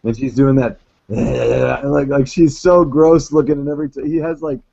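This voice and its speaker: A man co-hosting a casual movie talk show, relaxed and laughing as he recalls scenes. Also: mid-range voice, moderate pace, creaky, slightly rough, no echo, dull audio. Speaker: podcast co-host.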